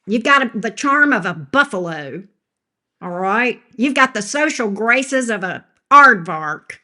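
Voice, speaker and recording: A woman's voice: a little high, animated, a little slow, pushed and bright. A woman doing a live tarot reading who talks back to chat with sass, scolding troublemakers and laughing often. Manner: sassy, scolding chat trolls, laughs a lot. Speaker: tarot reader.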